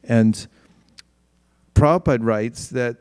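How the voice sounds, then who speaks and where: A man's voice: mid-range voice, slow pace, darkish tone, clean tone, no room sound, clean studio sound. A man giving a spiritual talk in a conversational way, often restarting his sentences and livening up for quoted asides.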